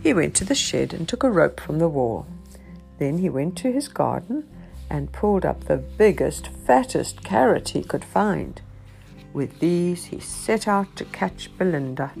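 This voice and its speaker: A woman's voice: low voice, expressive, unhurried, creaky, a little mellow, faint music behind. A woman reading a children's picture book aloud in a sing-song storybook rhythm.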